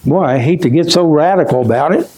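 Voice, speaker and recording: A fast-talking man preaches a folksy sermon on a rough recording, frequently saying "my friend." Choked up, he lets his voice drop low and quiet when he is moved.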